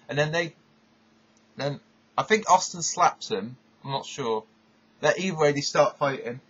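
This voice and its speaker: Husky man rambling with enthusiasm. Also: fairly high pitch, a little slow, long pauses, a bit bright, lo-fi sound. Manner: rambling, enthusiastic, self-interrupting. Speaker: vlogger. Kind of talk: casual countdown commentary.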